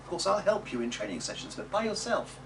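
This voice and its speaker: A man teaching a music class, coaching the group and modelling words slowly and loudly for them to repeat. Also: sits high, sing-song, vocal fry. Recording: distant mic with noisy room ambience.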